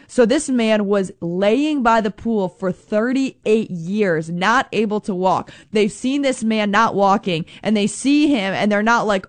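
Woman, preacher, informal sermon, mid-pitched voice, dry sound. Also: a little slow, hardly any pauses, no echo. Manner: informal, addresses listeners as friends, fills with "like". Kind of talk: conversational sermon with scripture reading.

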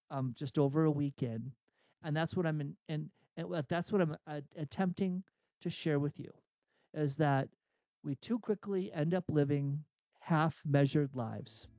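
A man's voice: fairly high pitch, normal speed, mellow, dry recording, muffled recording. A man hosting a Catholic radio talk, speaking earnestly and acting out inner dialogue as he preaches. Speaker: radio host and executive coach.

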